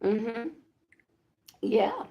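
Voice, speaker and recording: A woman who calls herself a high priestess, delivering a channeled spiritual message to her viewers in emphatic, repetitive declarations with casual swearing. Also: sing-song, very slow, dull audio. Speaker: self-described high priestess giving a spiritual reading.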